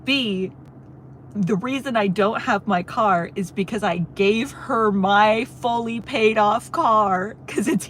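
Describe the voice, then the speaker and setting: A woman's voice: fairly high pitch, fairly bright tone, a little hiss or hum. Chatty young woman yapping on a road trip. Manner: chatty storyteller, laughs often, addresses chat. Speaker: livestreamer reading chat. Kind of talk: casual chat.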